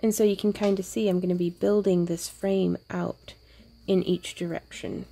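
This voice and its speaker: A woman talks through a wire-wrapping tutorial in a low, gravelly, mellow voice. She thinks aloud as she works, dropping playful little sound effects and soft asides. Faint music plays underneath. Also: level tone, moderate pace. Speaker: jewelry-making tutorial host. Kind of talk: casual crafting tutorial narration.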